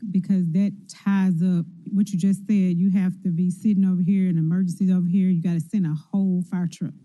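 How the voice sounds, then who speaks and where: A woman's voice: on the low side, little pitch movement, brisk, warm tone. A councilwoman, questioning officials at a public budget hearing in a folksy, conversational way. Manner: folksy, conversational, with everyday examples. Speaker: city council member. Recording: dull lo-fi meeting audio.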